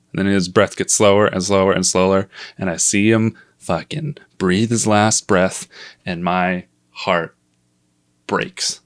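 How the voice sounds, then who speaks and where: Young guy, lowish voice, casual self-mocking storyteller who swears a lot. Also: clean tone.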